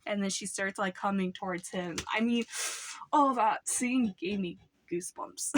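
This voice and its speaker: A woman's voice: medium pitch, normal speed, no room sound. A young woman casually reviewing books in a rambling way, full of "like" and "um.". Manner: rambling, lots of "like" and "um" fillers. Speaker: book vlogger.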